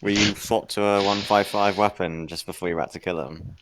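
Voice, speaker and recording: A man's voice: on the low side, steady tone, fairly quick, background noise. A laid-back man on a voice call, crude and laughing as he chats. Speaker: friend on a voice call. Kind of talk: casual chat.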